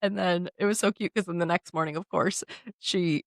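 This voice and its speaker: A woman co-hosting a casual podcast chat, a mother of two young children, telling lively stories and acting out the quotes. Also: on the low side, normal speed, gravelly, dry recording. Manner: animated storyteller who acts out quotes. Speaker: podcast co-host.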